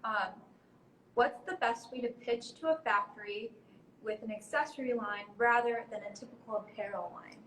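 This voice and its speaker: A woman's voice: on the high side, normal speed, a bit bright, echoey room, slight background noise, rough recording. A woman reading out a viewer question plainly during a live stream.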